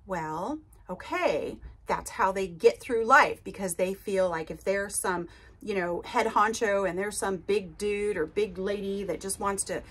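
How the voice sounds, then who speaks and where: Husky-voiced woman coaching with emphasis. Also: mid-range voice, a little slow, fairly bright tone. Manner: emphatic and chatty, with frequent "okay?" and "right?" check-ins. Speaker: podcast host and narcissistic abuse recovery coach. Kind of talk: casual advice talk to listeners.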